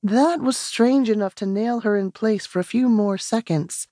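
A woman narrating an audiobook in a measured, steady storytelling manner on a close studio mic. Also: on the high side, no echo. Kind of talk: scripted narration.

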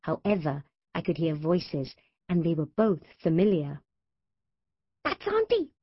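A woman narrating a children's audiobook with an expressive, animated reading on a close studio mic. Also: deep voice, normal speed, breathy edge, no echo, lo-fi sound. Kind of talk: storybook narration.

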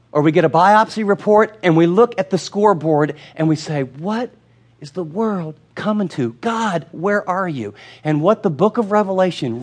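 A middle-aged male pastor preaching a sermon in a conversational, storytelling way, earnest and direct. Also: sits high.

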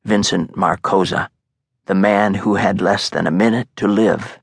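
A man reading a thriller audiobook in a measured, suspenseful narration. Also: deep voice, fairly even intonation, creaky, breathy edge, no echo. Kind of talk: scripted narration. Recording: dry, close studio sound.

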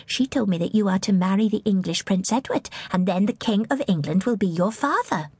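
A woman voicing a solemn, timid little girl who speaks quietly and in a measured way. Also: mid-range voice, expressive, husky, no room sound.

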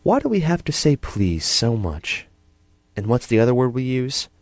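A man doing a patient gentle mother. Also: lowish voice, sing-song, normal speed, no echo, pitched above the performer's own voice. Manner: soft, approving.

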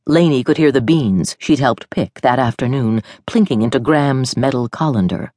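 A woman narrating an audiobook novel in an expressive storytelling manner. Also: a bass voice, moderate pace, no room sound, studio quality.

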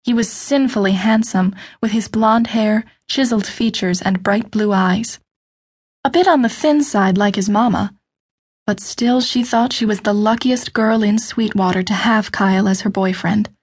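A woman narrating an unabridged novel audiobook in a steady, measured storytelling voice. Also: mid-range voice, breathy edge. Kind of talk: scripted narration.

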